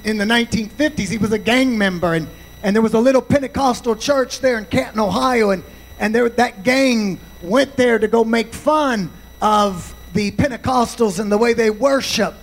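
A male pastor preaching a sermon, slow and deliberate, punctuating points with amens. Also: high voice, low-quality recording.

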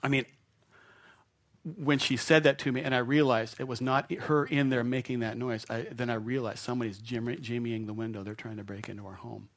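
A middle-aged male pastor tells a personal story from the pulpit. He is animated and self-mocking, and he keeps chuckling at himself. His voice is of middle pitch. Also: fairly quick. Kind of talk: storytelling sermon.

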